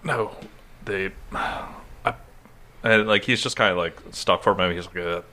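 Deep-voiced man rambling at a tabletop game. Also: quick pace, bright, forceful tone. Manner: rambling, filler-heavy. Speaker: player. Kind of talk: tabletop role-play.

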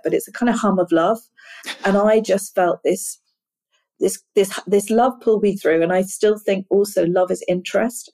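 A woman's voice: medium pitch, gravelly, mellow. A middle-aged woman speaking as an interview guest, talking in an earnest, reflective way that often halts on repeated words. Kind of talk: candid conversational interview.

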